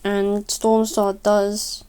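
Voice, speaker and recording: A woman casually narrating a speedpaint video, halting and stuttering, correcting herself as she goes, and sounding tired. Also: mid-range voice, monotone, mellow. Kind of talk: casual voice-over storytelling.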